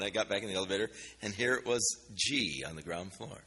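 A man preaching a sermon, telling a personal story in a folksy, animated way and acting out the dialogue. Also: lowish voice, fast talker, few pauses, husky, in a large hall. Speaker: pastor.

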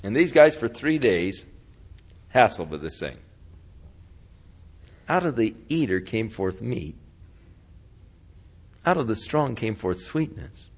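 A man's voice: on the low side, big pitch swings, slow pace, long pauses, breathy edge. A male pastor telling a story in a casual, folksy sermon style during a weekly Bible study. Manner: casual, folksy retelling with chuckles.

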